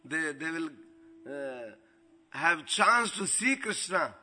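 A man tells devotional stories as a spiritual teacher, animated and quick to laugh. His voice sits slightly high, with a very sharp, bright edge. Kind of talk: devotional storytelling talk.

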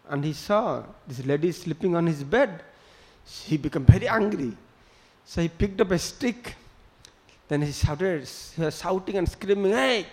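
Male preacher, high pitch, storytelling sermon. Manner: storytelling with acted quotes, non-native English phrasing. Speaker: spiritual teacher.

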